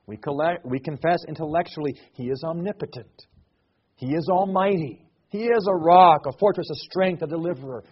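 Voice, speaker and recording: A middle-aged male pastor preaching a sermon, rising to loud emphatic declarations and dropping to soft, hushed reflection. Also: fairly high pitch, moderate pace, breathy edge, lo-fi sound.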